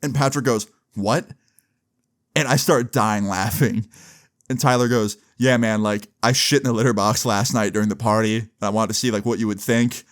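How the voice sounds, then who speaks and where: A young man casually telling a funny party story to his camera, slangy and animated, full of "like" and "dude". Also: fairly low pitch. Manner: animated, slangy, fast retelling with lots of "like" and "dude". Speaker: vlogger.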